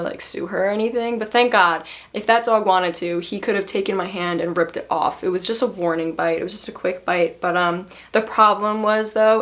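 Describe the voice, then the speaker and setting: A young woman vlogger casually telling a personal story, chatty and laughing, acting out other people's lines in a higher voice.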